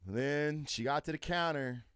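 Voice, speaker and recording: A man's voice: on the high side, unhurried, a bit bright, smooth, no echo, clean studio sound. A man hosting a podcast, telling a story as a casual, profane rant and acting out his own lines as he goes. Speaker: podcast host.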